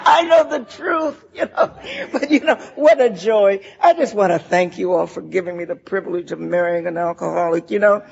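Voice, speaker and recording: A woman's voice: on the low side, fairly quick, gravelly, a little mellow, highs cut off. An older woman giving a heartfelt, laughing personal share at a recovery meeting, full of "you know" asides.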